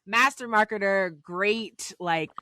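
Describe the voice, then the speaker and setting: A woman co-hosting a sports talk show, making relaxed commentary full of fillers. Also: mid-range voice, takes it slowly, a little hiss or hum. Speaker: co-host.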